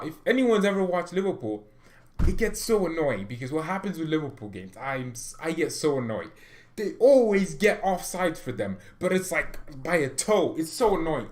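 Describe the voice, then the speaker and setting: Rambling, joking male fan-channel host. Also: medium pitch. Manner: rambling, joking, animated bursts. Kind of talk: casual vlog commentary.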